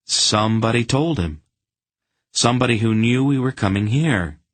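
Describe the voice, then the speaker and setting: A man's voice: mid-range voice, lively intonation, normal speed, dry recording, pitched above the performer's own voice, lightly acted. A man voicing an eager young man who blurts out his thoughts. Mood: urgent.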